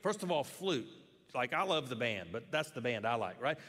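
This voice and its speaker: A middle-aged man preaching a sermon as pastor, in a lively, conversational way with frequent restarts. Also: medium pitch, normal speed, breathy edge, in a large hall.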